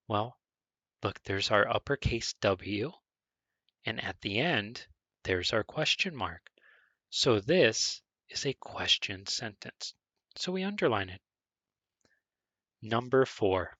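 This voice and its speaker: Slow, lively-voiced male ESL teacher. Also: lowish voice, no room sound, lo-fi sound. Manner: slow and deliberate, spells words out, stresses question intonation. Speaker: English teacher. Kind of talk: screen-recorded ESL grammar lesson.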